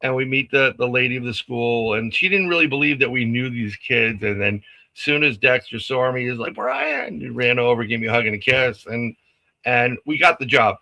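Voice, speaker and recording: A man with a medium-pitched voice tells a story in a relaxed way on a live stream, speaking fairly quickly through dull-sounding audio. He gets animated, voicing the other characters' lines himself and laughing frequently.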